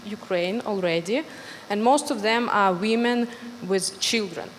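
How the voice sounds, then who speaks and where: A woman in the audience who asks a panel a question in a halting, earnest way, in a conference hall. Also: mid-range voice. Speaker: audience member asking a question. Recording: echoey hall with faint background noise.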